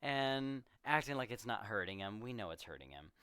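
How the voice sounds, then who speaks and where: A man co-hosting a podcast, recapping a movie in casual chat with animated storytelling. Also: lowish voice, moderate pace, smooth, no echo. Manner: animated storytelling, jumps into quoting characters. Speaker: podcast co-host.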